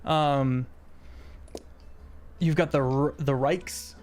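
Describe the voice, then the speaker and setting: A man narrating a tabletop role-playing game as game master, halting with many fillers. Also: on the high side, fairly even intonation, a little mellow, soft background music.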